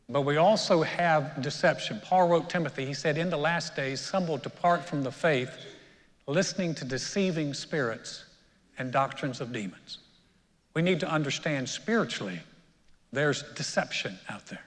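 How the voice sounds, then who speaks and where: Guy pastor preaching a sermon, kinda high voice, big church echo, storytelling then punchy. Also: moderate pace. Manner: storytelling preacher, builds to emphatic peaks. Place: church sanctuary. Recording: long reverb of a church hall.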